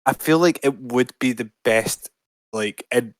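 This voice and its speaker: A man's voice: medium pitch, a little slow, no echo. A man playing in a tabletop game over voice chat, speaking hesitantly. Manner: hesitant, tentative. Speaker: player. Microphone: computer mic, voice chat.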